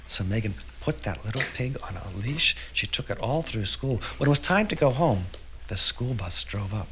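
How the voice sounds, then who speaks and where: A storyteller giving an animated live performance of a children's tale, oinking as the pigs and swinging between loud and soft. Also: mid-range voice, moderate pace. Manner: animated, shifts loudness for effect, oinks as pigs. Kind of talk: lively storytelling performance for an audience. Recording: live recording with audience noise.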